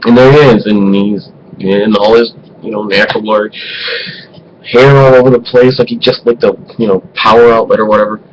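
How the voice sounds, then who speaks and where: A man telling an embarrassing personal story to camera in an animated, profane way, swinging between loud and hushed. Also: on the low side, fairly quick, dull audio, slight background noise. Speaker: vlogger.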